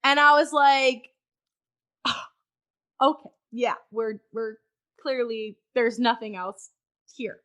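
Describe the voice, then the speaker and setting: Woman spilling a story on a podcast, blunt and swears a lot, sharp bright tone. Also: on the high side, slow, long pauses. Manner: frank and animated, swears freely. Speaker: podcast guest. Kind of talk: candid storytelling in conversation.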